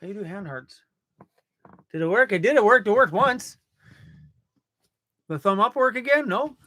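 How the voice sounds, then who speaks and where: A man's high, expressive voice comes across pushed and bright at a moderate pace as he chats on a live stream from his workshop. A laid-back van-life streamer, he laughs, calls everyone bro, and has a dog close by.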